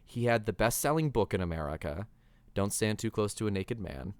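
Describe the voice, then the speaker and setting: Man, podcast guest, casual chat, smooth resonant voice, dry recording. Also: fairly low pitch, a little fast, dry recording. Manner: animated, laughing, quoting film lines in bursts.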